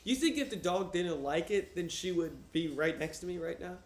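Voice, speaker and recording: A young man streaming from his couch, joking loudly and swearing as he chats with viewers and reads aloud. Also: high-pitched, expressive, normal speed, reverberant. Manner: loud, profane, joking. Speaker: streamer reading to chat. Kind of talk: casual livestream chat and reading aloud. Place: home, on a couch. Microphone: wearing headphones.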